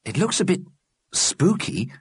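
A man's voice: high voice, big pitch swings, unhurried, husky, dry recording, pitched above the performer's own voice, full character voice. A man voicing an earnest, anxious young boy who stammers when worked up.

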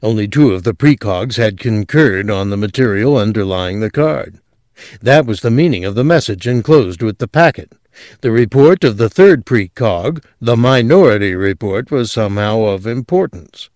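A man giving a measured, deliberate scripted narration of a story. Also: on the low side, darkish tone, dry recording, clean studio sound. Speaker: audiobook narrator.

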